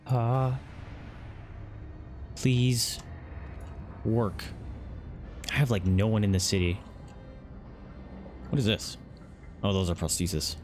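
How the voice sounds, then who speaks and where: A man's voice: fairly low pitch, slow, long pauses, a little mellow, soft background music. A young man commenting as he plays a strategy game, reading its text aloud and swearing. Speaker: gaming channel host. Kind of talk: let's play commentary.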